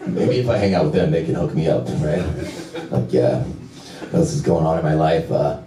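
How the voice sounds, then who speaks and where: A man in his thirties doing a crude, brash stand-up set with deadpan asides on a comedy club stage. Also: rumbling low, normal speed. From United States. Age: 30s. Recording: roomy club audio from a distance. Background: audience laughter.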